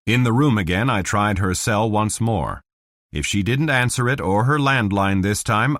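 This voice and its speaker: A man reading a hardboiled detective audiobook in the first person, with a dry, measured delivery. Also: on the low side, a bit bright, no echo. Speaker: audiobook narrator.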